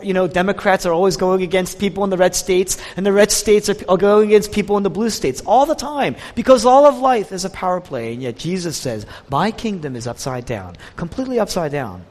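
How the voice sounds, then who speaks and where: A male pastor delivers an impassioned sermon, his voice rising and falling dramatically. He speaks with a high, very animated voice that rings out in a church sanctuary with long reverb. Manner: impassioned preaching, swings from loud to soft.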